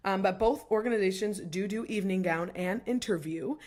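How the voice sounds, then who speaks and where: A woman's voice: medium pitch, a little fast, darkish tone. A young woman co-hosting a podcast, talking casually and filling her speech with "like" and "um". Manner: chatty, fills speech with "like" and "um". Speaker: podcast co-host. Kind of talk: casual chat.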